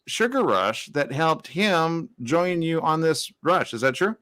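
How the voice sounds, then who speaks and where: A man's voice: a little high, very animated, measured pace, a bit bright. A man hosting an interview over a video call, chatty and playful with his guests. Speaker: interview host. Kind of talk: casual interview chat.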